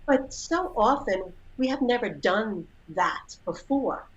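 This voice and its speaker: A woman's voice: on the high side, lively intonation, slow pace, highs cut off, a little hiss or hum. A woman guest on a podcast, speaking in an earnest, reflective and encouraging way. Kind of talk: casual podcast conversation.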